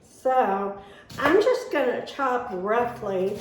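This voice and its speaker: A woman with a fairly high voice speaks slowly while showing viewers how to make a recipe in her home kitchen. She's chatty and folksy as she chops, and the recording has a roomy sound, a distant mic, and faint noise.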